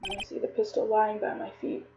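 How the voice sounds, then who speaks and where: A woman's voice: a little fast, heavy background noise. Tearful woman voicing a visual novel. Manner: voices every character, chats to viewers between lines. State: tearful, close to crying. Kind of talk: reading game dialogue aloud with voice acting.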